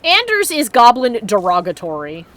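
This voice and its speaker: A woman's voice: a little high, huge pitch swings, moderate pace, a bit bright. A woman streamer chatting casually while playing a game, laughing often and reading in-game notes aloud. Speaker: let's play streamer. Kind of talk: casual gameplay commentary.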